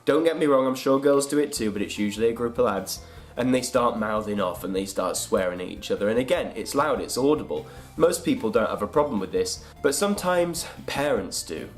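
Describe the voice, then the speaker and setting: Young British vlogger, sarcastic and chatty, mid-pitch, slightly under the weather, light music behind. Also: male voice, lively intonation, fairly quick. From United Kingdom. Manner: chatty, sarcastic, jumps into silly voices. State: unwell, congested. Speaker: comedy vlogger. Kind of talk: comic vlog monologue.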